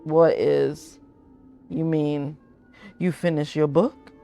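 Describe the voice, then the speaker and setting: A woman's voice: deep voice, fairly even intonation, slow pace, creaky, dark tone, soft background music, voice pushed down, exaggerated voice. A woman voicing a blunt, folksy 1940s wife in her thirties who is fed up with her husband. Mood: excited.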